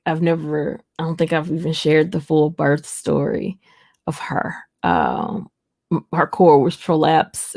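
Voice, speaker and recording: Speaking to viewers on a casual live stream, a young woman tells a personal story and calls them "y'all." Her voice is low, creaky and somewhat dark, recorded dry.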